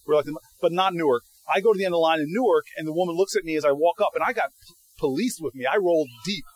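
High-voiced man telling lively stories. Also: rapid-fire, slightly rough, poor audio. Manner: animated storyteller, frequent restarts; acts out quoted people. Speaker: guest speaker. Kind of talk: answering audience questions.

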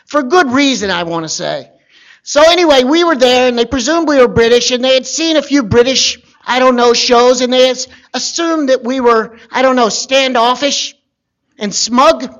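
A man from Virginia telling a personal story in a wry, conversational way with deadpan asides. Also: very high-pitched, normal speed, highs cut off.

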